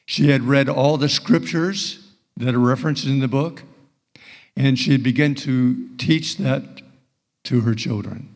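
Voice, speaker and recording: A man giving a testimony during a church service, speaking slowly and measured, with restarts. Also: medium pitch, big-room sound. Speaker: physician. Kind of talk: testimony in a sermon.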